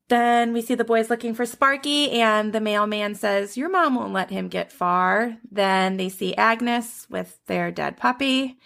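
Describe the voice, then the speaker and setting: Gravelly-voiced woman recapping an episode. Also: a little high, fairly bright tone. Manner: quick retelling with frequent laughs. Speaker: podcast host.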